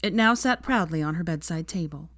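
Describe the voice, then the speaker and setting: A woman narrating fan fiction in a measured, expressive storytelling manner. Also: lowish voice, dry recording, clean studio sound. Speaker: fanfiction narrator. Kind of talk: scripted narration.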